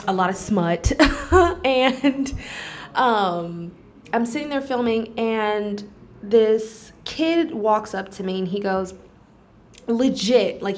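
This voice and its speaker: A young woman chats casually as a podcast host, animated and full of laughs and curse words. She speaks at a middle pitch. A faint hum of room noise sits behind her. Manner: animated, swearing, laughing, talks to viewers as "girl". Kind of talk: casual storytelling chat. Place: library study room.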